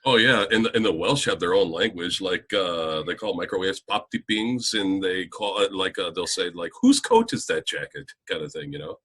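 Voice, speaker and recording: Deep, husky man chatting. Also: normal speed, hardly any pauses, bright, forceful tone. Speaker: podcast co-host. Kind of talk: casual chat.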